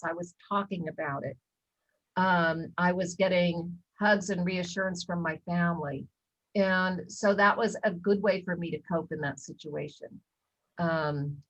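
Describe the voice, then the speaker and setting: A woman's voice: mid-range voice, fairly bright tone, low-quality recording. A middle-aged woman presenting a wellness talk, telling a personal story with many ums and acted-out quotes. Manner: storytelling with lots of ums, acts out quoted lines. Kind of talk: casual talk in a wellness webinar.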